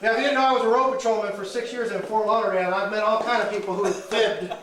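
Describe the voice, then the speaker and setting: A male comedian doing crowd work, teasing audience members with animated banter at a live show. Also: sits high, very fast, heavy background noise. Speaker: stand-up comedian. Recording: echoey room, mic far, loud crowd.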